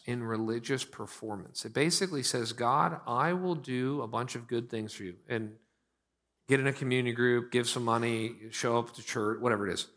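A man in his thirties from Pittsburgh preaching a sermon as pastor, moving between loud, emphatic bursts and slow, quiet lines. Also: medium pitch.

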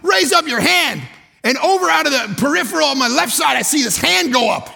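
A man preaching a comedic sermon, telling stories with sudden loud, shouted bursts. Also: very high-pitched, animated, fast talker, vocal fry, very noisy. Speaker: guest preacher. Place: church.

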